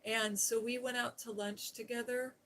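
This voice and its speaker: A middle-aged woman hosting a live stream, chatting in a rambling, heartfelt, soft-spoken way. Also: a little high, little pitch movement, normal speed, poor audio. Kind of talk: casual live-stream chat.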